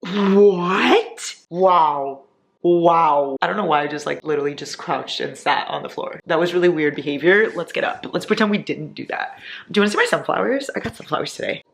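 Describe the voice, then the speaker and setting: A woman's voice: low voice, fast, vocal fry, a bit bright. A young woman in her twenties, chatting casually and dramatically in a reading vlog from home. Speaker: book vlogger. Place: indoors at home.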